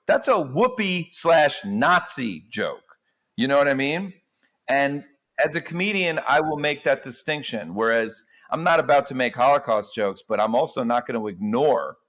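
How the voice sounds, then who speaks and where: A man who is a comedian, talking as a guest in an animated, jokey way and acting out the quotes he tells. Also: medium pitch. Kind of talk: comedic interview chat.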